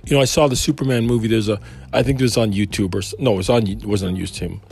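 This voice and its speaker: A man's voice: lowish voice, steady tone, fast, creaky, a little mellow. A man giving an informal Christian talk, wandering into conversational asides. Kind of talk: informal preaching.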